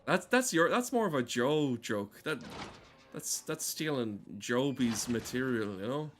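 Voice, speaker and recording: A male streamer chatting loosely over his gameplay, cursing freely and cutting himself off mid-sentence. His voice sits at an ordinary middle pitch, neither high nor low. He jokes with his chat as he plays. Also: lively intonation, measured pace, slight background noise. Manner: rambling, swearing, self-interrupting, joking with chat. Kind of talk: casual gaming stream commentary.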